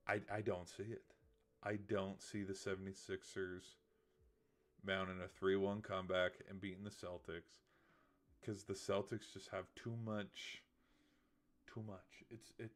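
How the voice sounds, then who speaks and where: Tired man rambling on a late stream. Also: sits low. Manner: rambling and heated, with filler words and restarts. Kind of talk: casual livestream chat.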